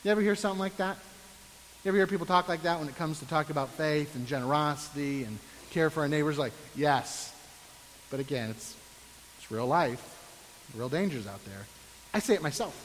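Animated high-voiced preacher in a hall. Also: male voice, fairly quick, a little hiss or hum. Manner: sarcastic, animated, mock-complaining. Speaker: pastor. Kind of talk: sermon.

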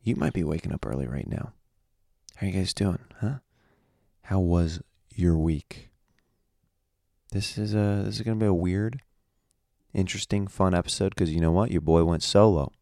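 Brief: young male podcast host, groggy morning voice, slangy and easygoing, dark tone. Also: sits low, normal speed, creaky, pauses often, dry recording, clean studio sound. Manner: laid-back, slangy, greets listeners. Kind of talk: casual podcast chat.

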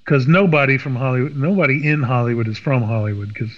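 A man's voice: mid-range voice, fast. A middle-aged man from Washington, D.C., telling a story in casual conversation and acting out the voices of the people in it. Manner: animated, acts out quoted voices. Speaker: podcast guest. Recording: dull lo-fi sound with long reverb.

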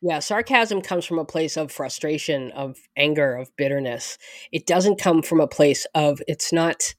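A woman's voice: low-pitched, a little slow, dry recording, studio quality. A woman co-hosting a casual advice chat, agreeable and thinking aloud. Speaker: podcast co-host.

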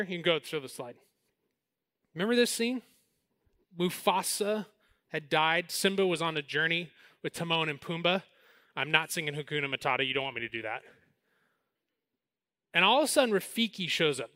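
Man, 40s, preaching a sermon, animated storytelling, bright tone, dry close sound. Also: fairly high pitch, no room sound. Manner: animated storytelling, then slows and softens for the message. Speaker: pastor.

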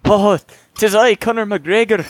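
Guy doing a sleepy cabbage farmer, high lilting brogue. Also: fairly even intonation, unhurried. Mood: cozy. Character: male Irish cabbage farmer, sleepy and folksy.

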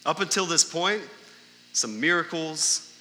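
A man's voice: fairly high pitch, expressive, unhurried, sharp tone. Man, pastor, sermon, conversational rhetorical questions, long church hall reverb. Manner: conversational, with frequent "right?" asides and rhetorical questions. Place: church sanctuary during a service.

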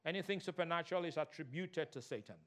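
A man preaching a sermon as pastor, animated, mimicking people and singing snatches of a hymn. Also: on the high side, fast talker. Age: adult.

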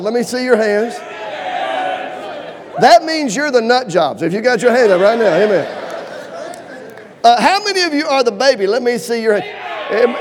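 A man preaching a humorous sermon in a church auditorium, folksy and animated, asking the crowd for amens and shows of hands. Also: extremely high pitch. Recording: long reverb of a large hall.

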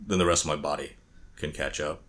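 A man's voice: extremely low pitch, steady tone, brisk, a bit bright. A middle-aged man co-hosting a podcast in casual chat, often repeating words and restarting phrases while he thinks. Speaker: podcast co-host.

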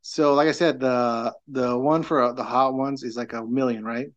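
A middle-aged man guesting on a podcast, telling a long story in a casual, meandering way. His voice sits at an ordinary middle pitch, and his talk is full of fillers, false starts and restarts. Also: fairly even intonation, moderate pace, highs cut off. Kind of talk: casual chat.

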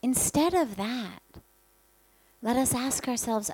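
A woman's voice: medium pitch, takes it slowly, pauses often, no room sound, low-quality recording. A woman spiritual teacher giving an earnest talk, telling stories and stacking up lists. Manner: earnest, gentle storytelling with many lists.

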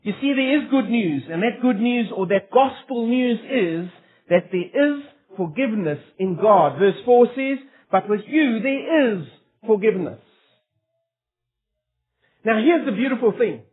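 A man's voice: sits high, expressive, a little slow, breathy edge. A man preaching a sermon in an earnest, emphatic way, asking his listeners rhetorical questions. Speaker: pastor. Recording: tinny phone-like sermon recording.

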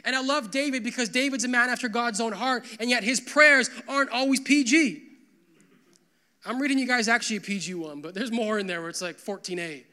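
Young male pastor, high bright voice, casual animated sermon delivery. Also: brisk. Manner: conversational, animated, full of "like" fillers.

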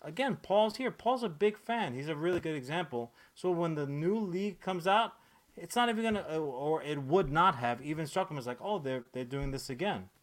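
A man's voice: fairly high pitch, animated, a little fast. A man hosting a podcast in casual chat, ranting with lots of swearing and filler words. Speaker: podcast host.

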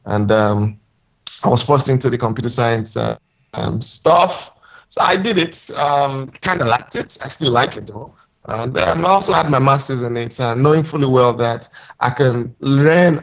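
Young man, lo-fi chatty guest. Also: mid-range voice. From Nigeria. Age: young adult. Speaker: podcast guest, actor and MC. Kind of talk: conversational interview.

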